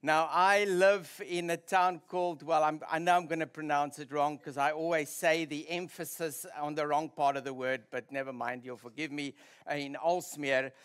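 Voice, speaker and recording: A pastor preaching a sermon in church, restarting sentences now and then and sounding tired after little sleep. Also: male voice, fairly high pitch, flat delivery, moderate pace, clean tone. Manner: warm-up chat before preaching, restarts mid-sentence. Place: church hall.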